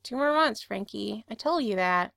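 An earnest, sober grown man from a read-aloud story, speaking in a quiet, measured way, as a woman reads him. His voice carries a touch of gravel and sounds close and dry. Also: high-pitched, animated, no room sound, heavily acted. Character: adult man, recovering addict, earnest.

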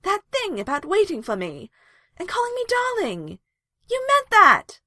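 A woman voicing a brash female warrior who shouts and teases. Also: mid-range voice, moderate pace, dry recording, studio quality. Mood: excited. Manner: excited, shouting, teasing.

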